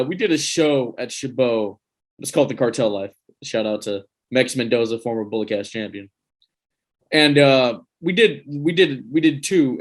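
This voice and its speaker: A man's voice: medium pitch, fairly bright tone. Joking man hosting a casual podcast. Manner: loose, joking, leads the talk. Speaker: podcast host. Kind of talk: casual chat.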